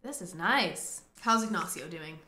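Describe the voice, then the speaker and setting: A woman giving animated let's-play commentary, playfully narrating what her game character does and sometimes breaking into loud shrieks and laughter. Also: lowish voice, measured pace. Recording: roomy echo with clear background noise.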